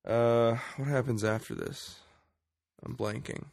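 A man co-hosting a podcast, casually retelling a film's plot with quick acted-out quotes. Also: medium pitch, fairly even intonation, creaky, a little mellow. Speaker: podcast co-host. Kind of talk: casual movie review chat.

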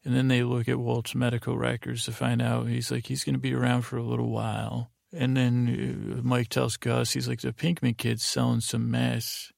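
A man hosts a podcast with a gravelly, creaky voice and a flat, monotone delivery. He rambles through a show recap, quoting characters without changing his voice. The recording is close and dry. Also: mid-range voice, normal speed, few pauses, no echo. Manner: rambling, plain voice with many fillers, flatly quoting each character. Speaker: podcast host. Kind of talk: sleepy, meandering episode recap.

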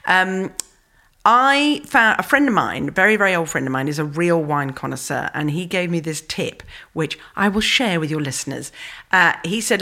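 Bright-voiced posh English woman. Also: on the low side, normal speed. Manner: theatrical, self-mocking, lively asides. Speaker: comedian guest. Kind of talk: casual podcast chat.

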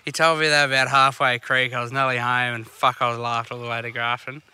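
A man's voice: mid-range voice, flat delivery, fairly quick, bright, forceful tone, clean tone. An Australian man hosting a fishing podcast from a boat, bluntly swearing his way through rambling stories. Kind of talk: casual banter while fishing. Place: outdoors on a boat on a river. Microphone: portable recording equipment on the boat.

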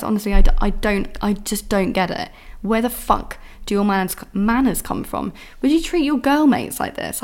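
Exasperated young woman ranting, gravelly. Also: medium pitch, darkish tone. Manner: exasperated, swears often, mimics men's voices. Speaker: podcast host. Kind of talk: casual solo podcast rant.

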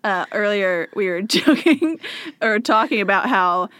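A woman's voice: mid-range voice, expressive, measured pace, fairly bright tone, clean tone, dry recording, studio quality. Giggly woman co-hosting a chat podcast. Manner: giggly, laid-back banter. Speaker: podcast co-host. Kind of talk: casual chat.

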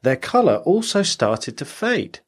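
A man's voice: on the high side, big pitch swings, unhurried, husky. A man, co-hosting a casual podcast, explaining a story at length in a jokey, laughing way. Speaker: podcast co-host telling the story.

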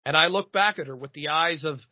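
Man in his thirties, husky, fairly high voice, podcast host, swearing storyteller, dry dull recording. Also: fairly quick, dry recording. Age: 30s. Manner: profane, animated storyteller. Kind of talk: comedic storytelling.

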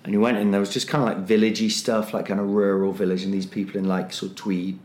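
A man with a somewhat low voice spins a comic anecdote in a meandering, filler-heavy way, breaking into the voices of the people in his story. The recording has a noticeable roomy echo. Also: fast. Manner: animated, loose storytelling full of fillers, acting out other people's voices. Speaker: comedian and podcast co-host.

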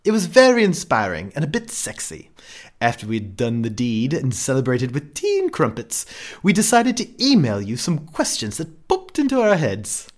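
A man putting on a put-on British accent to voice a prim, posh letter writer in a high, sing-song, exaggerated way. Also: huge pitch swings, moderate pace. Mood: theatrical.

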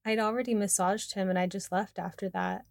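A woman's voice: mid-range voice, fairly even intonation, brisk, creaky, dry recording, studio quality, lightly acted. A woman reading the lines of a nonchalant adult female friend in her own voice. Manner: nonchalant, matter-of-fact.

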